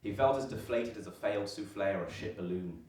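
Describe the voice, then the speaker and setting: A man's voice: on the low side, a little fast, far from the mic. A young man doing a stand-up comedy set at a student comedy night, with a dry, self-deprecating delivery full of ums and uhs. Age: young adult. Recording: echoey room taped from afar, audible noise. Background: audience laughter.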